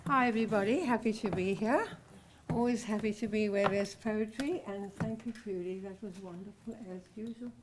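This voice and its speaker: A woman's voice: mid-range voice, background noise. A woman in her eighties with a South African accent, reading her own poetry aloud at a village hall. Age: 80s. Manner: measured, expressive recitation. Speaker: poet reading her poem. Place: village hall meeting room.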